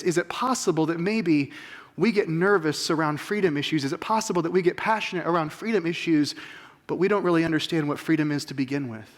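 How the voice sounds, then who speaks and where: Pastor guy in his 40s preaching, kinda high voice, punchy rhetorical questions. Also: fast. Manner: emphatic, rhetorical questions to the congregation. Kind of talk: sermon.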